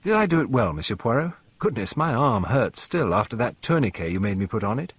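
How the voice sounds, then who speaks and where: A man voicing a lively, cheerful young woman who speaks eagerly. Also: mid-range voice, a little fast, breathy edge.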